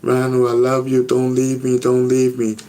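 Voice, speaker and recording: A man's voice: medium pitch, completely flat delivery, normal speed, warm tone, voice pushed up, natural voice. A man quoting his mother pleading with her son not to leave her, in a slightly raised voice. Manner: pleading, repetitive.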